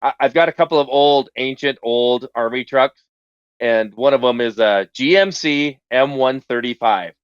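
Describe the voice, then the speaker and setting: A man's voice: mid-range voice, normal speed, clean tone, no room sound. Guy rambling on a podcast, lots of um and restarts, dull lo-fi sound, kinda dry. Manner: hesitant, restarts, animated when telling a story. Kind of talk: casual chat.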